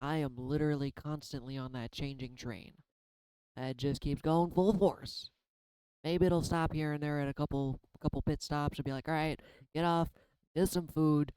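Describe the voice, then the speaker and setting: A man's voice: fairly high pitch, steady tone, normal speed, mellow, clear, resonant tone, no echo, low-quality recording. A tired man in his thirties talking casually and candidly in a rambling way, now and then swearing. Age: 30s. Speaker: tarot reader and artist. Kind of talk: casual spiritual vlog.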